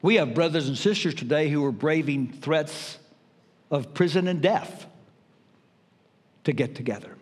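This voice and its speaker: An older man preaching a sermon as pastor, emphatic with dramatic pauses. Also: on the high side, animated, breathy edge. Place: church sanctuary. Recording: reverberant church hall.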